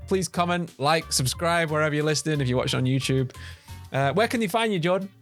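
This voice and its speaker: A man's voice: a little high, fairly quick, a bit bright, faint music behind. A man co-hosting a podcast, chatting casually with a playful, laughing manner. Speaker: podcast co-host. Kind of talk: casual comedic chat.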